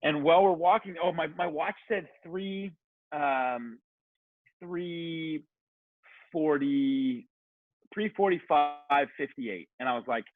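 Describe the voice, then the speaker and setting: A man on a podcast, telling a long story in a casual, animated, rambling way, swearing freely and saying "like" a lot. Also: a little high, takes it slowly, dry recording. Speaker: podcast guest. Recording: tinny phone-like sound, dry.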